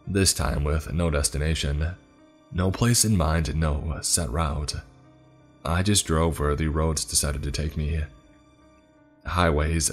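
A man narrating a horror story in the first person, measured and somber. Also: very deep voice.

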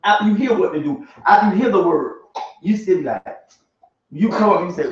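A man's voice: a little high, animated, normal speed. A man preaching at a Bible study in a colloquial, emphatic style, often laughing as he makes his points. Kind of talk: sermon. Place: church room. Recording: echoey distant lo-fi church recording.

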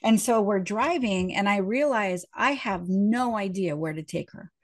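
A woman's voice: medium pitch, measured pace. A woman minister telling a personal story during a sermon, in a conversational way and acting out the voices of the people in it.

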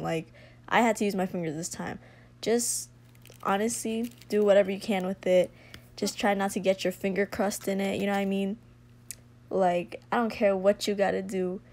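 A woman's voice: mid-range voice, fairly even intonation, moderate pace, darkish tone. A young woman talking through a craft tutorial in a casual, profane, chatty way, a little out of breath from talking close to the mic. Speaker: vlogger. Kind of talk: casual DIY tutorial voice-over.

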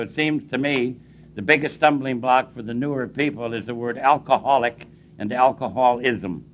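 Emphatic older man, dull tape. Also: medium pitch. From Cleveland, US. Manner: emphatic, plainspoken, repeats for stress. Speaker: AA speaker. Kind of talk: recovery meeting talk.

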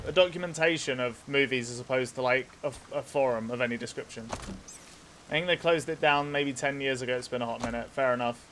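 A man's voice: medium pitch, fairly bright tone, slight background noise. A young man with a nasal voice streaming a video game, chatting casually with his chat, swearing freely and rambling while he plays. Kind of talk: casual let's play commentary with chat.

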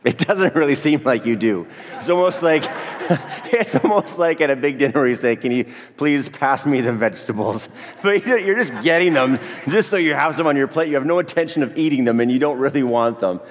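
A man's expressive, highish voice moves briskly as he preaches, joking with his congregation and addressing them head-on. He is a pastor in a church sanctuary, and the recording rings with the long reverb of the hall.

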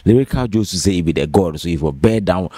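A man, excitedly commenting on a diss track and breaking into laughs and exclamations. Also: deep voice, fast, husky, no room sound. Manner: excitable, pidgin-laced, laughing interjections. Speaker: reaction host. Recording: rap track playing loudly behind.

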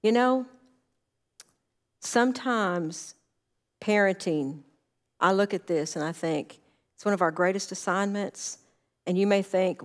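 A woman's voice: medium pitch, slow pace, pauses often. A woman counselor giving a conversational church talk, earnest and full of stories. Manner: earnest, anecdotal, acts out quoted dialogue.

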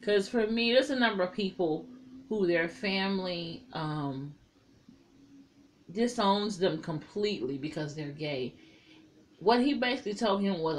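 A woman's voice: low-pitched, normal speed, a little hiss or hum. A woman casually reviewing a TV episode, retelling scenes candidly and with plenty of swearing. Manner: candid and profane, paraphrases scenes with quoted lines. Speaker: TV show reviewer.

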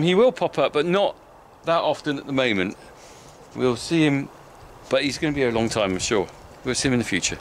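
A man's voice: mid-range voice, fairly bright tone, a little hiss or hum. A man vlogging casually at home, talking to his new puppy in sing-song baby talk. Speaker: farmer vlogger. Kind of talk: casual vlog.

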